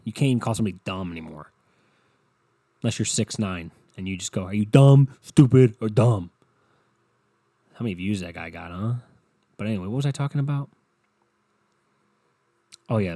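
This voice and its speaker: Low-voiced man ranting with swearing. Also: a little mellow, dry recording. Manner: swears a lot, rambling, self-mocking. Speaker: podcast co-host. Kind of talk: casual profane storytelling rant.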